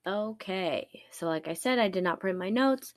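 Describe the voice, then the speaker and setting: A young woman with a sore, raspy throat, hosting a casual true-crime podcast, rambling and swearing casually. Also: mid-range voice, lively intonation, moderate pace, no room sound. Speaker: podcast host. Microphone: laptop recording.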